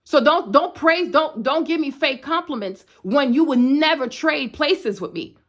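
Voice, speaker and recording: A woman's voice: high-pitched, lively intonation, measured pace. A woman in her thirties talking straight to her viewers in a blunt, emphatic way, often asking "you know what I'm saying". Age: 30s. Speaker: vlogger. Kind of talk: direct-to-camera talk.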